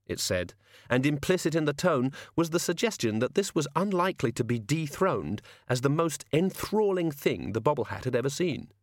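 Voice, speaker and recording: A man narrating an audiobook with wry, expressive delivery and a lively, rising and falling pitch. The sound is dry and close, with no room around it. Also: normal speed, no echo. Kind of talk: scripted narration.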